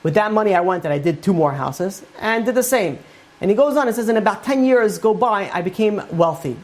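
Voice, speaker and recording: A man's voice: high-pitched, animated, brisk. Rabbi guy telling a long story in his shiur, quoting everyone, loose chatty phrasing. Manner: retells a story at length with many quoted lines; loose spoken phrasing with repeated "he goes and he says". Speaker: rabbi giving a Torah class. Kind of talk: storytelling lecture.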